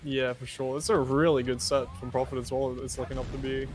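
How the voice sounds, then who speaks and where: A man's voice: medium pitch, flat delivery, brisk. A man co-commentating a live speedrun match, laying out the strategic options for each player. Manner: analytical, points out options and strategy.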